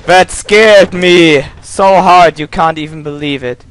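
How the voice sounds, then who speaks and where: A man's voice: a little high, slow pace, clean tone, rough recording. Jumpy young man swearing through a horror game. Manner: jumpy, swears a lot, yells when startled. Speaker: let's play gamer. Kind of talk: casual game commentary.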